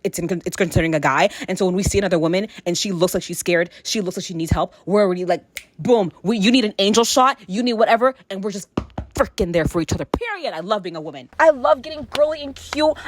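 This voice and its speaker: A young woman chats straight into her camera, effusive and animated, piling on fillers and delighted exclamations. Her voice sits fairly high and comes through dry and close, with almost no room sound. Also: no room sound. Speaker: vlogger. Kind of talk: casual chat to camera. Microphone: camera mic.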